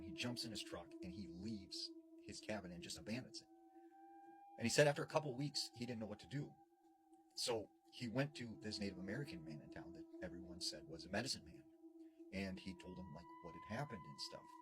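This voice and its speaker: A man's voice: lowish voice, huge pitch swings, brisk. A man casually retelling a scary story he heard from someone else, repeating "and he said" and "you know" as he goes. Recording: noisy background.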